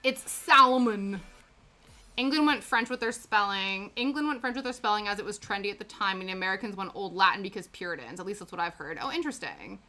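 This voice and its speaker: A woman's voice: mid-range voice, expressive, fast talker, hardly any pauses, sharp tone. A young Canadian woman with a Canadian accent, chatting casually and giggling as she rambles on a crafting livestream. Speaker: streamer. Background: background music.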